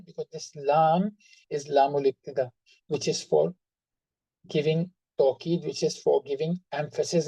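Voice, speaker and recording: A grammar teacher explains a lesson patiently, going over each example again and again. The voice is mellow and dark, with emphasis carried by tone. The recording is close and dry, with no room sound. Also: mid-range voice, no room sound, rough recording. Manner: patient, repeats examples and stresses words by tone. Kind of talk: online class explanation.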